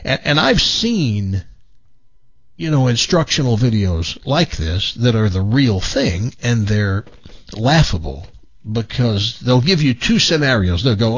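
A man hosting a radio show in the studio, telling stories in a rambling, animated way with lots of restarts. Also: medium pitch, moderate pace, slightly rough, muffled recording. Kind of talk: casual morning show banter.

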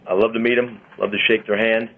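A man hosting a radio segment, chatting in a rambling way with many pauses and fillers. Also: on the low side, flat delivery. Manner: rambling, lots of uhs, chatty. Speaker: radio host and car dealer. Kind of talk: casual radio banter. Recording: dull lo-fi radio sound.

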